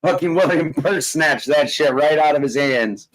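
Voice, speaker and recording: A man talking in loud, swaggering, profane casual banter, laughing often and cursing constantly. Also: a little high, moderate pace, rough recording. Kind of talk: profane casual banter on a live audio chat.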